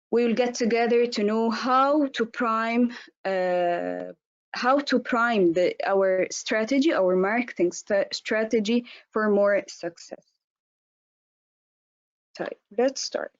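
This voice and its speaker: A woman consultant with a hoarse voice from an allergy presents a business webinar. She talks with frequent fillers and restarts. Her voice comes through a muffled, lo-fi line in a dry room with no echo. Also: mid-range voice, a little mellow. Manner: hesitant, many fillers and restarts.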